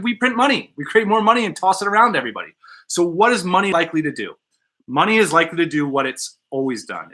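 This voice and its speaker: Bright, blunt-talking male podcast host. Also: on the high side. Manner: blunt, joking, profane. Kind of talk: casual podcast chat. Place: studio.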